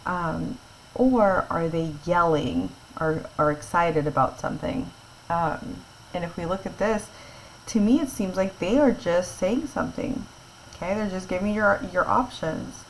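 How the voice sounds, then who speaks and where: A woman's voice: on the low side, a little slow, slight background noise, poor audio. A woman teacher explaining a grammar lesson patiently, step by step, often checking in with her class.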